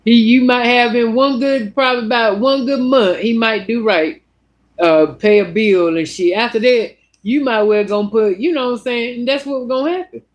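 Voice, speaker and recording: Speaking at a moderate pace in a voice on the high side, a woman vlogger tells a story in a casual monologue. She's blunt and animated, and her telling is full of cussing.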